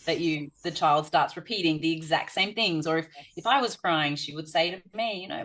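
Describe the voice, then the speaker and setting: A woman's voice: deep voice, a little fast, few pauses. A woman guest on a parenting podcast, telling stories at length with many fillers, with an Australian accent, calling mummy. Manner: warm storytelling with frequent fillers. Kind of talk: conversational storytelling.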